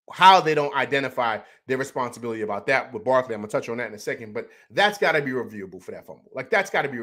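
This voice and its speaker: A man hosting a postgame football show rants about the game in a heated, rambling way, tripping over repeated words. His voice sits a bit high for a man and swings up and down a lot as he talks. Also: fairly bright tone. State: upset after a loss. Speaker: sports show host. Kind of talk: emotional postgame sports rant.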